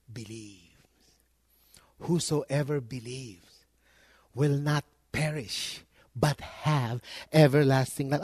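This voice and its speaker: High-voiced emphatic male pastor preaching. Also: no room sound, clean studio sound. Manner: emphatic preaching, swings from soft to loud. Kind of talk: sermon.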